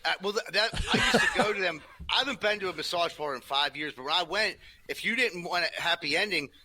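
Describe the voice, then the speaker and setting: A man's voice: high-pitched, lively intonation, quick pace, sharp tone. A man chatting as a podcast guest, laid-back and chuckling, often stammering as he starts a thought. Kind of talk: casual comedy podcast chat.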